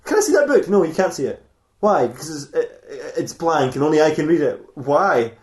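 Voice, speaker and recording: A man's voice: a little high, very animated, brisk, a little mellow, echoey room. A man hosting a comedy podcast, rambling through an improvised story with crude jokes. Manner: rambling, laughing, playfully crude. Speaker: podcast host.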